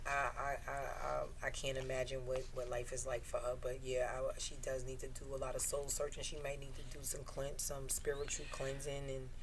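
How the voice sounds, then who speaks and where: A woman comedian on a podcast, chatting casually, swearing often and acting out quotes loudly. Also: very deep voice, little pitch movement, normal speed, hardly any pauses, a crowd in the background, low-quality recording. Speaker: comedian guest.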